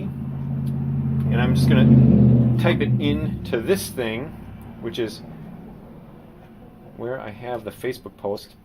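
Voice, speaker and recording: A man with a medium-pitched voice, a painter, rambles through a live-stream monologue at his desk, with background noise audible. He's theatrical and self-mocking, breaking into rants and reading aloud.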